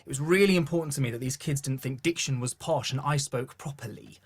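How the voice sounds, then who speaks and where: Posh southern english guy, husky voice, chatty podcast storyteller, does little voices for quotes. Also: medium pitch, quick pace. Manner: animated storyteller who acts out quoted voices. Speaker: vocal coach and gospel choir leader. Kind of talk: podcast interview, relaxed storytelling.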